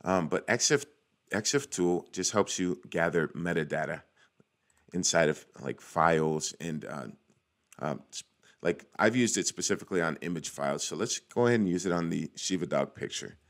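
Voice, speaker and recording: A man's voice: deep voice, expressive, normal speed. A young man hosting a casual screen-recorded walkthrough, chatty and cheering small wins as he goes. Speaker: cybersecurity tutorial host.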